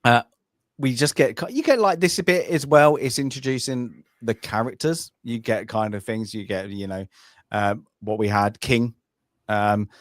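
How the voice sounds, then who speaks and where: Medium-pitched and speaking at normal speed, a British podcast co-host chats loosely about a film. His talk rambles with many fillers and restarts, and the studio-quality recording is dry.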